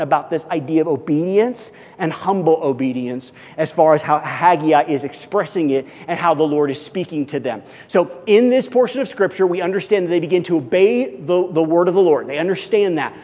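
Preaching a sermon, this male pastor is earnest and emphatic, repeating key phrases to drive them home. His voice is slightly high for a man and a little mellow, and he moves briskly with hardly any pauses while the long reverb of a big church hall rings around him.

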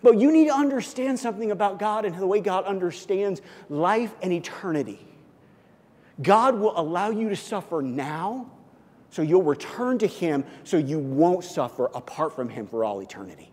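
Male pastor, animated pulpit delivery, slightly high-pitched, echoing in a sanctuary. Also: moderate pace. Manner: animated, swings between loud emphasis and quiet intensity. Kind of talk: sermon. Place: church sanctuary. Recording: long church reverb.

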